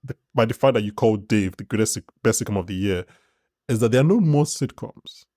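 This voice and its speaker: Podcast co-host, man, low voice, rambling casual delivery, dry close mic. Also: lively intonation, brisk, mellow, no echo. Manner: rambling, restarts sentences often, laughs easily. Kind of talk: casual chat.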